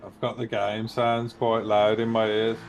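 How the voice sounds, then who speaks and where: A man's voice: lowish voice, completely flat delivery, unhurried, vocal fry, a little hiss or hum. A man on voice chat with a racing teammate, answering in short, distracted replies while he concentrates. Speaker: co-driver on voice chat. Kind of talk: casual chat.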